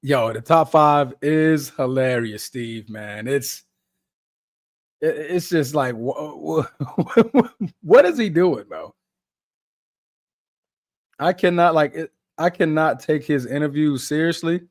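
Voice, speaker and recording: A man's voice: fairly high pitch, animated, slow, long pauses, dry recording, studio quality. A young man hosting a live basketball watch-along podcast, chatting casually in slang and laughing often. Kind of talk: casual live game reaction.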